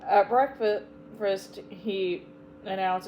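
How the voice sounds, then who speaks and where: A woman hosting her own channel, reading a children's storybook aloud with expressive, emphatic delivery. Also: mid-range voice, moderate pace, highs cut off, slight background noise. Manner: expressive, emphatic, tender at sad parts. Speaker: audiobook reader, channel host.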